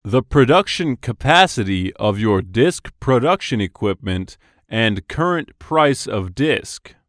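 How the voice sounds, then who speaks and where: Male reader for lesson dialogues: slow, clearly enunciated, lively intonation, dry studio sound. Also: medium pitch, no room sound. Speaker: dialogue reader for English practice. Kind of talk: scripted business dialogue reading.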